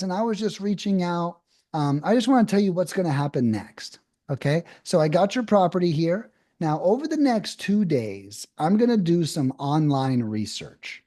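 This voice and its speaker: A man's voice: fairly high pitch, big pitch swings, normal speed, warm tone. A man, a podcast guest and land investing coach, explaining his method and acting out friendly phone scripts.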